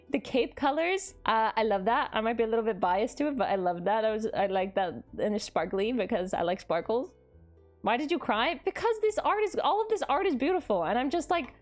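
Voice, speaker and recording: A young woman live-streaming in casual chat, gushing and excitable, laughing often as she reacts to fan art. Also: a little high.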